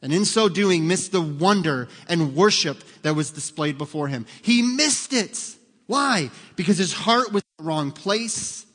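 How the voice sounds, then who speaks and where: A man's high-pitched, slightly bright voice moves at a measured pace with lively intonation as he preaches. The pastor keeps it conversational, asking the congregation questions, while a long hall reverb trails his words.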